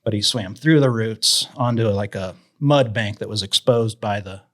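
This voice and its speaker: A man telling fishing stories as a podcast guest in a casual, animated way, raising his voice to act out the people he quotes. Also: fairly low pitch, moderate pace. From Idaho, USA. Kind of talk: casual storytelling in an interview.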